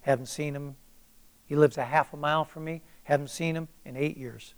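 An older man preaching a sermon, reading scripture with booming emphasis and then telling a personal story in a plain, conversational way. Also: fairly even intonation, moderate pace, clear, resonant tone.

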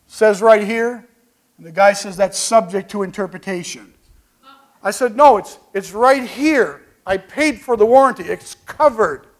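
A man preaching as pastor, telling folksy stories with call-and-response asides and swinging from quiet remarks to loud bursts. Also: sits high. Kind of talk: sermon.

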